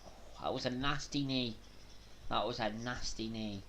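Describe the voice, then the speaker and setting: A man from Manchester with a Mancunian accent, hosting a live watch-along stream, reacting with loud gasps and chatting casually with viewers. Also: mid-range voice, a little slow, slight background noise. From Manchester, England. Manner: excitable, bursts into loud gasps during big moves, casual with chat.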